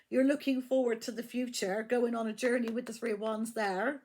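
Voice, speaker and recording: A woman's voice: fairly high pitch, fairly even intonation, a little fast, few pauses, a little mellow, slight background noise. A woman giving a casual tarot reading, blunt and profane, often repeating her phrases. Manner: blunt, swears freely, repeats herself. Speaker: tarot reader.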